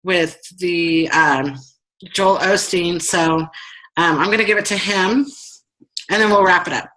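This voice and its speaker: A woman's voice: lowish voice, measured pace, bright, forceful tone, rough recording. A woman leading a team training over a video call, chatty and bubbly with lots of fillers. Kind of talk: casual chat.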